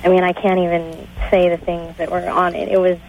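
An eighteen-year-old woman calling in to a radio show, hesitant and halting. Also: lowish voice, monotone. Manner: hesitant, halting, many fillers. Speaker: caller. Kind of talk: phone-in call. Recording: dull phone-line call.

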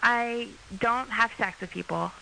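A young woman calling in to a radio advice show, speaking hesitantly with many pauses and fillers. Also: a little high, creaky, bright, forceful tone, a little hiss or hum, poor audio. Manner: hesitant, halting, many ums. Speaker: caller.

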